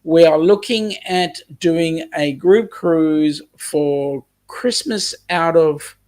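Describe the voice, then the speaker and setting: Man, Australian accent, live-stream host, unhurried, chatty with ums. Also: on the high side, darkish tone. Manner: chatty, reads out viewer comments, lots of ums. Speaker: host reading live chat. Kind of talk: casual live-stream chat.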